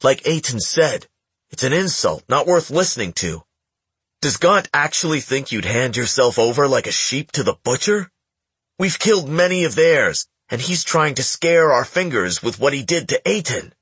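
A man voicing a gruff, loyal male warrior lieutenant, pitched a bit higher than his narration. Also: expressive, moderate pace, fairly bright tone, no echo. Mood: tense, frustrated.

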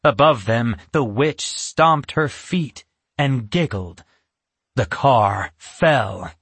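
Slow, measured male narrator, husky, dry sound. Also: mid-range voice, lively intonation, a bit bright, dry recording. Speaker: audiobook narrator. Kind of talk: scripted narration.

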